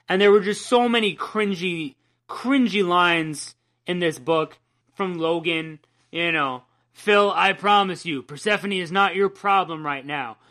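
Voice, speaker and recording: Profane, ranting podcast guy with a bright voice. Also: sits high. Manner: profane, ranting, laughs often. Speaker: podcast co-host. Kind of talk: casual comic book chat.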